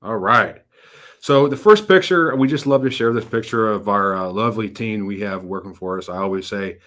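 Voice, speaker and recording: A man's voice: fairly low pitch, moderate pace, fairly bright tone. Upbeat folksy man hosting a webinar. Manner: folksy, upbeat, acts out voices in anecdotes. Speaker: financial advisor hosting a webinar. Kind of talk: casual webinar presentation with storytelling.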